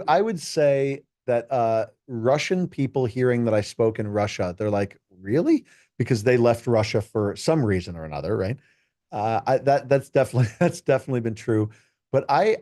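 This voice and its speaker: A middle-aged man, a keynote speaker, talking casually in an interview and telling stories with animated, acted-out quotes. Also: mid-range voice, no echo, clean studio sound. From United States.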